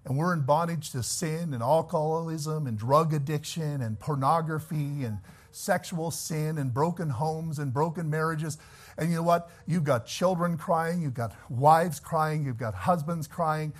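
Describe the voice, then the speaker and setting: A man with a voice on the higher side preaches a sermon, starting in slow, quiet reflection. He then builds to loud, fervent exhortation that climbs into shouting.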